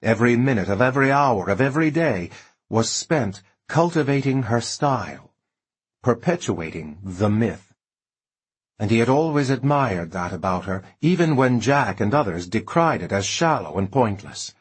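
Husky male audiobook narrator. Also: medium pitch, moderate pace. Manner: expressive, lingering over lush description.

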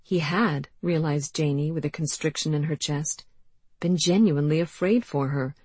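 A woman reading an audiobook in measured, even narration, recorded close. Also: low voice, slightly rough, no room sound. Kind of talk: scripted narration.

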